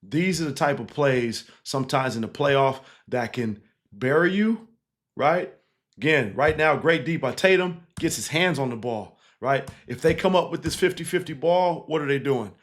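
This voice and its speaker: A man's voice: fairly high pitch, moderate pace. Chatty man breaking down game film. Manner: animated, keeps checking in with 'right?' and 'again'; laughs easily while explaining.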